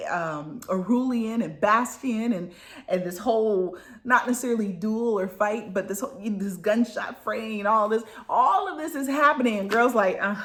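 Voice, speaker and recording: Lady on her book channel, chatty and gushy, retelling chapters all worked up. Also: mid-range voice. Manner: excitable, gushing storyteller. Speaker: book review vlogger. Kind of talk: casual book recap chat.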